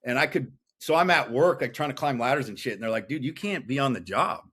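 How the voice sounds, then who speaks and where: A man's voice: mid-range voice, lively intonation, fast talker, a bit bright, husky. A man in his thirties, a podcast guest, telling his story in a blunt, profane, intense way. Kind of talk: casual interview chat.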